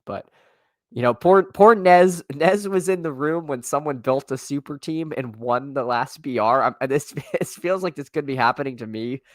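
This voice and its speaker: A man on a live stream who rambles through his draft picks in a relaxed, chatty way. He stops and restarts his sentences often and talks straight to his viewers. His voice is slightly worn, and it sounds close and dry, with no room echo. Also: mid-range voice, normal speed, hardly any pauses. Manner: rambling, many restarts and fillers, talks to chat. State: voice tiring. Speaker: streamer and fantasy football drafter. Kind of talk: casual live-stream commentary.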